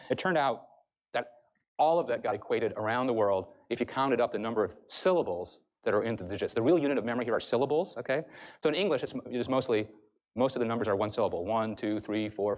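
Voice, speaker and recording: Male professor, quick lecture delivery, brisk explainer, average pitch. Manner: brisk, explanatory, addresses the audience. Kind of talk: university lecture. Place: lecture hall.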